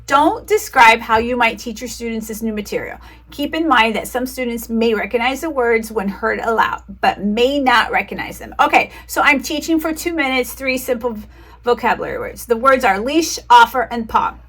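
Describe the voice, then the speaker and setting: A woman tutor giving clear, encouraging, teacherly answers to interview questions and acting out a mock lesson. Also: fairly high pitch, brisk, fairly bright tone. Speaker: online tutor.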